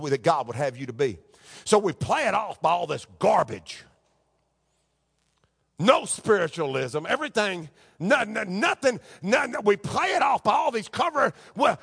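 A man preaching a sermon as pastor, quoting scripture and building to loud, raspy shouts. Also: high-pitched, big-room sound. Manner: preaching with rising shouts and Bible quotes.

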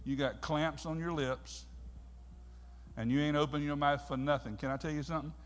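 A man's voice: fairly high pitch, brisk, a little hiss or hum. A man preaching a sermon in a church, telling folksy stories and working up the congregation. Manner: folksy storytelling, preachy and animated. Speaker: pastor. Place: church sanctuary. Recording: long hall reverb.

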